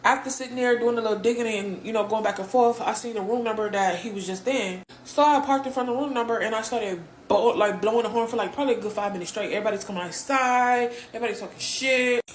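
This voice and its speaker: A young woman from Houston, Texas, out of breath and hurting, tells her own story candidly in a blunt, profane, emotional way. Her voice is fairly high and fast with hardly any pauses, picked up from a distance in an echoey room with a little hiss or hum.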